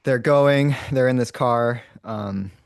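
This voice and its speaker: A man's voice: medium pitch, slow pace, creaky, clear, resonant tone, no echo, clean studio sound. A man casually retelling a movie's story to his brother, full of fillers and restarts and acting out lines and roars as he goes. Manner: rambling, many fillers and restarts; acts out lines and roars as he tells it. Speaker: podcast host retelling a movie.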